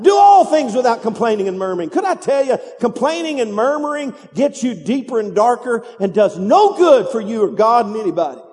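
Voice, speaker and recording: In a church sanctuary, the long reverb of the large hall surrounds a male pastor with a very high-pitched, slightly mellow voice. He preaches emphatically in call-and-response style, urging the congregation to answer back and repeat after him.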